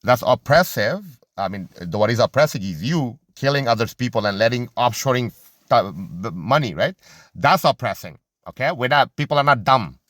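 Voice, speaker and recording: In a dry, studio-quality recording, a man with a mid-range, fairly bright voice and lively intonation delivers an unscripted, impassioned monologue about religion and society. He's argumentative and halting, often searching for words, with many restarts and fillers.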